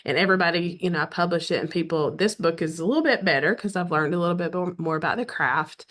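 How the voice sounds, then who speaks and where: A middle-aged woman from the American South speaks with a Southern accent, her voice sitting a little low. She tells her story in a relaxed, chatty way and slips into animated mini-performances of what other people said. She clears her throat now and then between thoughts. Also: fast. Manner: animated, acts out quoted dialogue, frequent throat clearing. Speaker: romance author guest. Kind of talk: casual storytelling interview.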